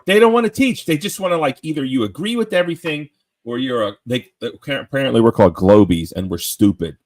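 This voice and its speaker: A man chatting casually on a panel call, rambling and excitable, often tripping over his words. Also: mid-range voice, a little fast. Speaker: panel guest.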